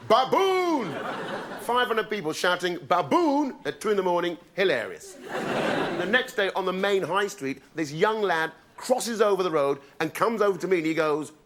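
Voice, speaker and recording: A man's voice: high voice, expressive, fairly quick, a little hiss or hum. A man performing a stand-up routine in a live venue, delivering wry punchlines and mimicking other people. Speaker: stand-up comedian. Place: live comedy venue with audience. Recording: live stage mic with loud audience laughter.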